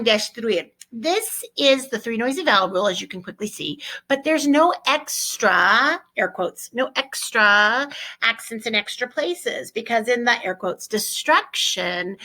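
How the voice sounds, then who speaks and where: A middle-aged woman teaching a Spanish vocabulary lesson in a chatty, lively way, correcting herself as she goes. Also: a little high.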